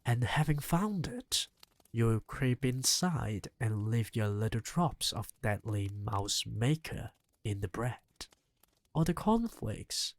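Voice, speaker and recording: A bossy old grandmother, voiced by a single reader, speaks with impatience and rousing fervour. Her delivery is unhurried with a lively rise and fall in pitch, recorded close and dry. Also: dry recording. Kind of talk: audiobook reading.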